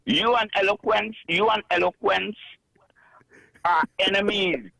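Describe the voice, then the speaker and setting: A man phones in to a radio show and needles the host, pushing his point without letting up. His voice is gravelly and a little high. The sound is dry. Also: measured pace, sharp tone, dry recording, low-quality recording. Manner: teasing, insistent. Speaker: caller. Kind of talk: call-in radio.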